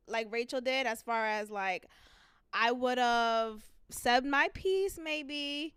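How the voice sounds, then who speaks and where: A young adult woman hosting her own podcast, talking casually and candidly, breaking into loud laughter when amused. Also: a little high, slow, smooth. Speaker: podcast host. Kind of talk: casual solo commentary.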